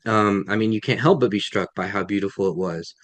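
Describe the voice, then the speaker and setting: Low-voiced guy on a webinar call, dry close sound, thinks out loud and restarts a lot. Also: brisk, no echo. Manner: thoughtful, self-correcting, many restarts. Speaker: guest author. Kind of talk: webinar Q&A answers.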